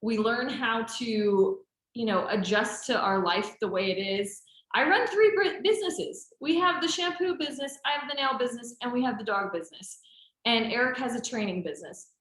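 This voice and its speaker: Bright, lively woman in an echoey room. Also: on the high side, normal speed. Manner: lively, talkative, encouraging. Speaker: trainer answering team questions. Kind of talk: casual group chat. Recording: roomy echo.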